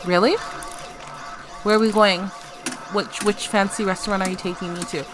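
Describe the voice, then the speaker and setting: A woman voicing a sassy, demanding young female game character who teases loudly. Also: mid-range voice, fairly even intonation, normal speed, noisy background, close to an everyday voice. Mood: teasing.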